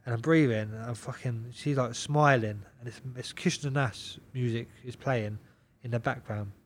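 A man's voice: medium pitch, moderate pace, slight background noise. Young man swearing through a wild story. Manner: swears constantly, animated, repeats himself, laughs a lot. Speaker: podcast guest, pro boxer. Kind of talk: casual storytelling chat.

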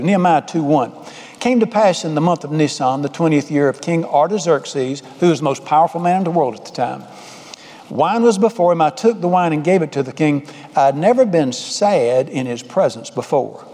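A pastor preaches in a folksy, conversational manner, circling back to repeat his phrases. His voice sits high for a man but has a soft, mellow color. The sound carries a long reverb from the church hall. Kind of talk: sermon.

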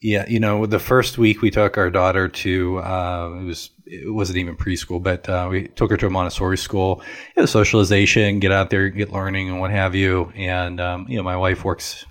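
A man in his thirties or forties hosting a finance podcast, explaining things in a loose, conversational way with frequent fillers. His voice is very low. He sounds relaxed and talkative. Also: moderate pace. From Northeast Ohio. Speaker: financial advisor, podcast host. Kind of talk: casual podcast chat.

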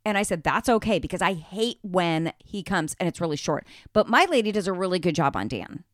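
A woman's voice: on the low side, fairly quick, no echo, studio quality. A woman co-hosting a podcast, telling a casual story with swearing and acted-out quotes. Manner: animated storyteller, swears freely, acts out quotes. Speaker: podcast co-host. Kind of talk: casual chat.

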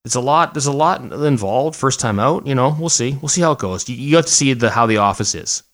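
A man's voice: mid-range voice, animated, fairly quick, fairly bright tone. A middle-aged man co-hosting a podcast, chatting casually with jokes and a lot of restarts. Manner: rambling, joking, many restarts. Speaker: podcast co-host. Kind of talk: casual chat.

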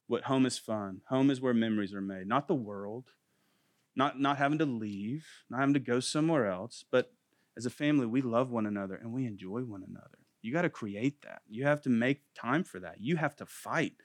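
A man's voice: medium pitch, moderate pace, no echo, studio quality. A man in his thirties giving an earnest, faith-based parenting talk, repeating phrases for emphasis. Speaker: parenting class teacher.

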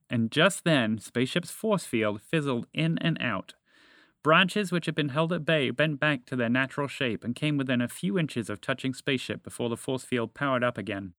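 A man narrating a children's storybook in a calm, even reading manner. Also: mid-range voice, moderate pace, no room sound, studio quality.

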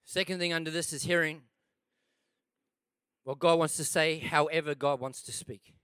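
A male pastor preaching a sermon, his voice smooth and resonant and pitched a bit higher than most men's. He swings between loud, driving calls to the congregation and hushed, slowed-down emphasis. The sound is dry and close, with no room echo. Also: fairly even intonation.

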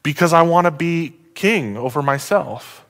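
Animated male pastor preaching a sermon. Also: a little high, measured pace. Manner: animated, asks the congregation questions, swings from loud to hushed.

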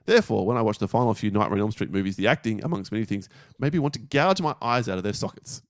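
A middle-aged man co-hosting a podcast, reading listener feedback in a dry, brisk way. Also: lowish voice, expressive, no room sound. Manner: dry, brisk, reads out messages. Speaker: podcast co-host.

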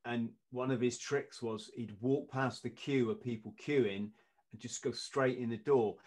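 Lively man telling stories. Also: medium pitch, unhurried. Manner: lively anecdotes, acting out quoted lines in punchy bursts. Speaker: podcast guest. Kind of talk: storytelling in casual chat.

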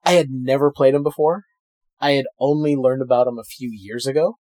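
A man's voice: medium pitch, steady tone, fairly quick, mellow, no echo. A man co-hosting a casual chat, laid-back, laughing often and swearing casually. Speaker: podcast co-host.

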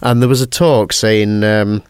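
A man hosting a podcast in casual chat, jokey and quick to laugh, and reading listener emails aloud. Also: lowish voice, fairly even intonation, smooth, no room sound, studio quality. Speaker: podcast host.

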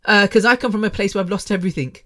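Speaking rapid-fire in a medium-pitched voice, a middle-aged woman rambles into a microphone in her bedroom while hosting her own podcast. The monologue is candid and emotional, with frequent laughter and restarts.

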